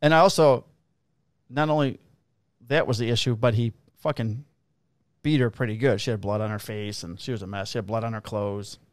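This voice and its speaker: A man, a police officer co-hosting a podcast, telling work stories in a casual, profane, animated way and acting out the quotes. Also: fairly low pitch, fairly quick, dry recording. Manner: profane, animated storyteller who acts out quotes. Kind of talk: casual chat, storytelling.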